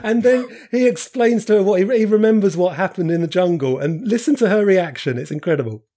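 A man's voice: high voice, animated, fairly quick, dark tone. A man co-hosting a casual film podcast, recounting scenes with enthusiasm and frequent laughter. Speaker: podcast co-host.

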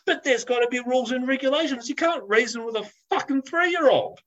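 Man, high voice, animated rant, swears, casual storytelling. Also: fairly quick, highs cut off.

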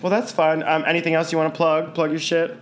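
A man's voice: fairly high pitch, flat delivery, quick pace, slight background noise. A man hosting a casual podcast chat with a sassy, teasing, campy manner. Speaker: podcast host, drag performer.

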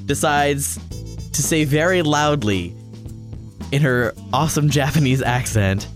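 A man's voice: a little high, measured pace. A man co-hosting a podcast, telling stories in casual chat and laughing often. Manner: laughs often, animated storyteller. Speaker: podcast co-host. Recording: music clearly heard behind the voice.

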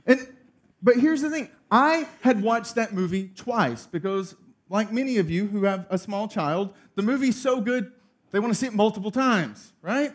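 Animated high-voiced man preaching. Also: normal speed. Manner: storytelling, animated, laughing through funny story. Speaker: pastor. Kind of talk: sermon.

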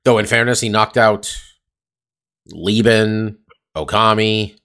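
A man's voice: fairly low pitch, slow pace, a bit bright. A man co-hosting a podcast, chatting casually in a rambling, profane way with lots of fillers. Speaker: podcast co-host. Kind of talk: casual chat. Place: California.

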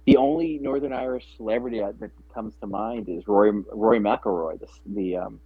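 A man with a low, husky voice chats casually about movies, talking in loose, rambling bursts full of restarts and fillers. The sound is dry and narrow, like it comes over a phone line. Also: fairly quick, no room sound. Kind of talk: casual chat about films.

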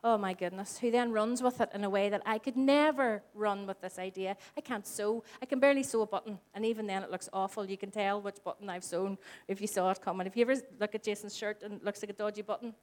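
Barely pausing, she speaks quickly at a medium pitch to the congregation in a church hall. The woman, a Northern Irish church speaker in her forties, keeps her sermon conversational, and her animated stories include dialogue she acts out.

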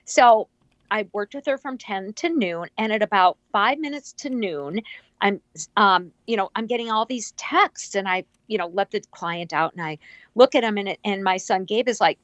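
A woman's voice: mid-range voice, normal speed, dry recording, dull audio. A woman guest speaking in a casual interview, telling stories animatedly and acting out the voices of people she quotes. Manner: animated storyteller who acts out quoted voices and laughs often. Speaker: guest, empathic healer.

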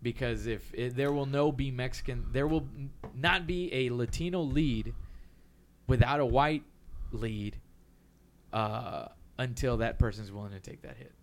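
Profane, animated Texan man chatting. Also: mid-range voice, a little hiss or hum. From Texas. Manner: animated, profane, quick impressions of others. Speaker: comedian. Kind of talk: casual podcast chat.

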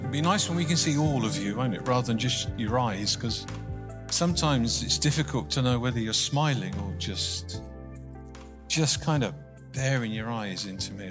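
A man's voice: medium pitch, fairly bright tone. A male minister giving an informal, conversational sermon, often restarting his sentences. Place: church hall. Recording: hall reverb.

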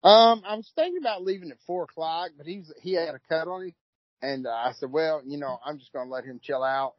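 A man with a Kentucky twang telling stories from the track. His voice sits a little high for a man, and he talks in a relaxed, folksy way, often repeating himself. The recording is dry and lo-fi. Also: fast talker, dry recording. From Louisville, Kentucky. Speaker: racehorse trainer. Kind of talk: casual interview chat. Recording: dull lo-fi audio, dry.

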